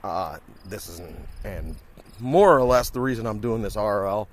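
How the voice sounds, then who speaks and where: A slightly low-voiced man from Wisconsin rambles in a casual walking vlog. He is a little out of breath from walking fast, talking into a handheld phone outdoors beside cornfields. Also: expressive. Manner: rambling, chatty, talks while walking. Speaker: streamer. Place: outdoors by cornfields on a country lane. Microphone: handheld phone while walking.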